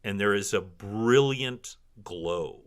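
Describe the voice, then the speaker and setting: A man's voice: on the low side, takes it slowly, noisy background. A man narrating a tabletop fantasy game as dungeon master, telling the scene with dramatic flair. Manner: animated, dramatic storytelling.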